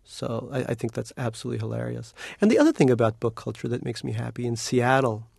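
Novelist guest, male, gravelly and lively, joking, dry close sound. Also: mid-range voice, dry recording. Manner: animated and joking, quick to laugh. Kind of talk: casual interview chat.

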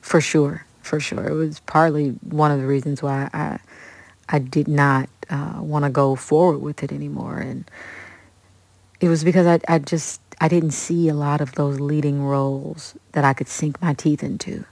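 A woman in her thirties from Kansas City, an interview guest telling stories in an animated, conversational way. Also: sits low, normal speed, gravelly, no echo. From Kansas City, USA. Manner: animated storyteller, acts out quoted voices.

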